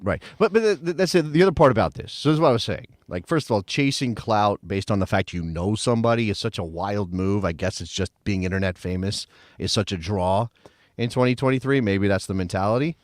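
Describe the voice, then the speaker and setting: Animated man, lively pitch. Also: a little fast, dry recording, clean studio sound. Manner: animated, laughing, jokey asides. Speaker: co-host. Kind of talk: casual podcast chat.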